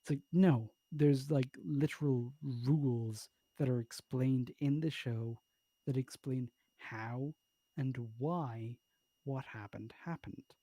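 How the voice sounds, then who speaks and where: An Irish man co-hosting a casual podcast, talking bluntly and swearing as he argues his points. His voice is mellow and relaxed. The sound is dry and close. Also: medium pitch, takes it slowly, no echo. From Ireland. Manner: blunt, swears freely, argumentative. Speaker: podcast co-host. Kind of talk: casual chat.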